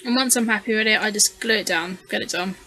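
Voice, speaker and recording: A woman's voice: medium pitch, fast, bright, forceful tone, no room sound, low-quality recording. A tired woman casually narrating her scrapbooking process in a voice-over, rambling and hesitant with frequent fillers. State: tired, yawning. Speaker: scrapbooking channel host.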